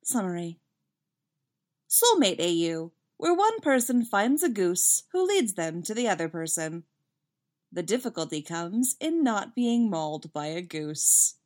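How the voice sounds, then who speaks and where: Lively slow-reading woman narrator. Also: mid-range voice. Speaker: fanfiction reader. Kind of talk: story narration.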